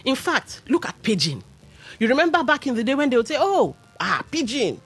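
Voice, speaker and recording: A woman's voice: sits high, very animated, fast talker, breathy edge. A Nigerian woman hosting a radio talk show, giving opinionated commentary with pidgin asides. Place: radio studio.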